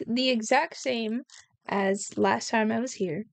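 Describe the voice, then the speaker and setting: A woman's voice: fairly high pitch, steady tone, takes it slowly, vocal fry, dry recording. Chatty woman vlogging while painting. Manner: chatty, self-mocking, talks to viewers. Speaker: art vlogger. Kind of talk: casual chat while painting. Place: indoors, sitting on the floor.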